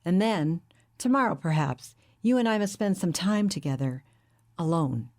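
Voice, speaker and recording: A woman reading a huge, charismatic male psychic in an audiobook, with a deep, melodious, calm and patronizing manner. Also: lightly acted. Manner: calm, measured, intimate.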